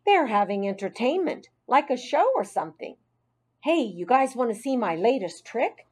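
A woman's voice: on the high side, very animated, moderate pace, darkish tone, slightly rough. A woman voicing a friendly, self-doubting middle-aged male custodian in an audiobook. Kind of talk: audiobook character voice.

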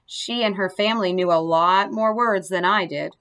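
A woman narrating a children's storybook in a gentle, expressive read-aloud manner. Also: medium pitch, normal speed.

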